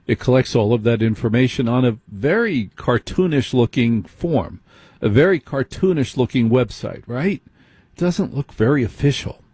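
Middle-aged male radio host, husky, dry studio sound, chatty late-night monologue that asks listeners questions. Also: medium pitch, lively intonation, normal speed, a little mellow, no room sound. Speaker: radio talk show host.

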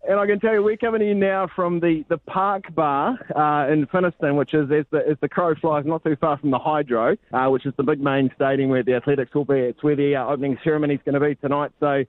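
A man's voice: a little high, fairly even intonation, quick pace, few pauses, dry recording, phone-quality sound. A man reporting live in a matey, rambling way, often restarting his sentences. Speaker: sports reporter calling in. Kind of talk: casual live cross report.

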